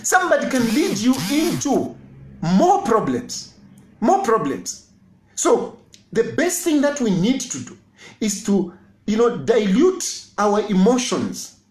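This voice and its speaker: A man's voice: high voice, huge pitch swings, slow pace, reverberant. A Zambian man, an opposition party leader giving a political address, emphatic and repeating his phrases with rhetorical questions.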